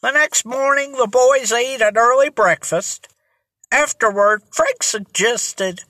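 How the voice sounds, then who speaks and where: A narrator reading a mystery story aloud with scripted, animated delivery. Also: medium pitch, slow, dry recording. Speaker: audiobook narrator.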